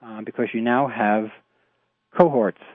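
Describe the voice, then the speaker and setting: A man with a New York accent, a therapist explaining his clients' struggles in a measured, halting way with many fillers. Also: lowish voice, steady tone, dry recording. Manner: measured, hesitant with frequent fillers. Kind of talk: explanatory radio talk. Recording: tinny phone-like radio audio.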